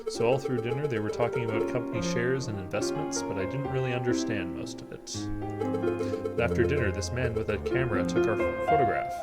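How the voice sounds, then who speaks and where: A man voicing a pampered young noblewoman held in prison, speaking in a high, giggly voice over loud game music. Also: a little fast, natural voice. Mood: chatty.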